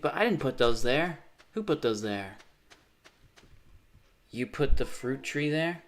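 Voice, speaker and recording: A man's voice: mid-range voice, lively intonation, slow, long pauses. A man chatting casually with his live stream chat while gaming, joking and sarcastic.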